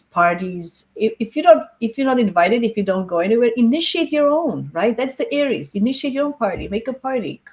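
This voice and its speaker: A woman with a lowish, somewhat dark-toned voice hosts an astrology live stream in a casual, chatty way. She's encouraging and laughs often.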